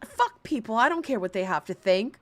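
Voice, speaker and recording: A woman's voice: very animated, brisk, a bit bright. A woman mimicking a whiny self-pitying young woman. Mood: mocking whine. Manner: high, whiny, mock-tearful.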